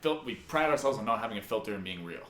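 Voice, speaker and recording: A man's voice: on the low side, animated, sharp tone. A man hosting a podcast and coaching fitness clients, speaking in a loose casual chat with frequent swearing. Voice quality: fast-talking, loose and profane. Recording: echoey room, faint noise.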